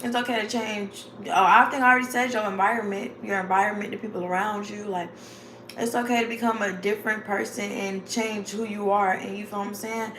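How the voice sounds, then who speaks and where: Chatty and informal, a woman vlogger delivers a rambling motivational talk in a medium-pitched, fairly quick voice with fairly even intonation. She laughs frequently and addresses her viewers as "y'all" and "babes"; the room is echoey, with faint background noise.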